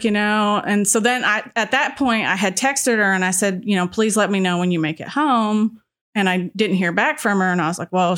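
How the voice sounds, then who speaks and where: Brief: middle-aged woman, mid-pitched, plain storytelling voice, talks through events with "you know" fillers. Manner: recounting events with quoted dialogue and frequent "you know" fillers. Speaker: radio listener guest. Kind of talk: personal storytelling.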